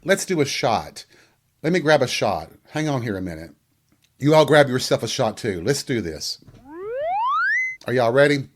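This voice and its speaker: A man from the American South, hosting a casual solo podcast monologue in a bawdy, self-mocking way. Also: medium pitch. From US Bible Belt. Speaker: podcast host.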